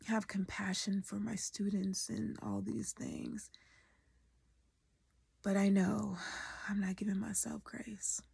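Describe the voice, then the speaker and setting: Very husky woman, half-whispered confession. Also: mid-range voice, dark tone, dry recording. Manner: half-whispered, emotional, candid, swears freely. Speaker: educator and artist. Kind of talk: raw confessional vlog.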